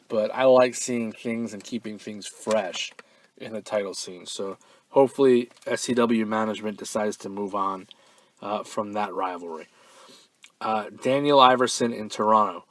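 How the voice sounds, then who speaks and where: A man hosting a fan-mail podcast in a relaxed, offhand way, full of ums and uhs, now and then breaking into loud, profane excitement. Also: fairly low pitch, moderate pace. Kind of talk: casual podcast chat.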